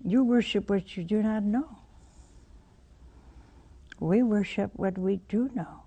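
A woman's voice: medium pitch, takes it slowly, pauses often, mellow, husky. A woman preaching a sermon, telling a Bible story and putting rhetorical questions to her listeners.

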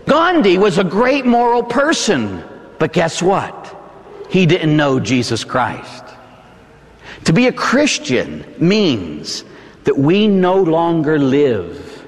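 A man, a Catholic priest from Pittsburgh with a Pittsburgh accent, preaching a sermon in a chatty way with frequent tag questions. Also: on the high side. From Pittsburgh, United States. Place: church. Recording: long hall reverb.

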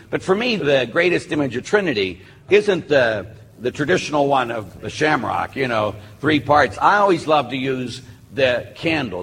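A man, a Catholic priest, giving a live talk to an audience, telling stories with humor. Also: mid-range voice. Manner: animated storytelling with humor. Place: church or hall with a live audience. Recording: echoey hall with faint noise.

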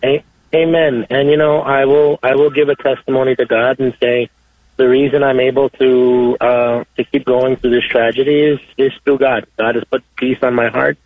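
A man calling in to a radio show, talking haltingly and repeating his words. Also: medium pitch, little pitch movement, dry recording. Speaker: caller. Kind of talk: call-in radio phone call. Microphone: telephone. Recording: tinny dry phone line.

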